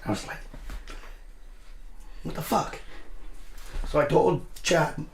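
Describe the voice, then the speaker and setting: A man's voice: fairly high pitch, animated, slow pace, gravelly, reverberant, a little hiss or hum. A man telling a rambling military story in casual chat, swearing constantly and acting out the voices of the people in it. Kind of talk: casual profane war storytelling. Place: live show room.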